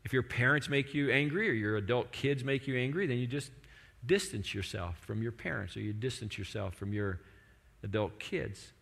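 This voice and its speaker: A man's voice: medium pitch, normal speed, creaky, fairly bright tone, slightly rough, big-room sound. A male pastor preaching a sermon in a conversational way, with frequent restarts and "like".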